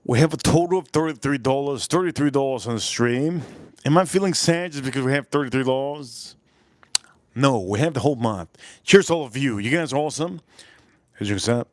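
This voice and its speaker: A man hosting a casual livestream, hyped up, shouting out donors and swearing freely. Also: medium pitch, brisk, no room sound. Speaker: whiskey livestream host.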